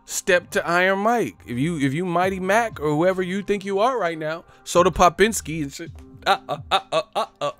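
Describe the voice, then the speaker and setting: With a high, fairly bright voice, another boxing livestream host chats casually in slang. He swears, laughs a lot and puts on voices.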